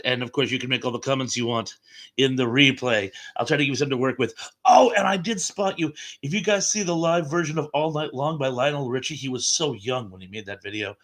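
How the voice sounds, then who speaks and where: A man's voice: medium pitch, a bit bright. A man hosting a casual live stream, chatting about old films and reading out viewer comments with frequent chuckles.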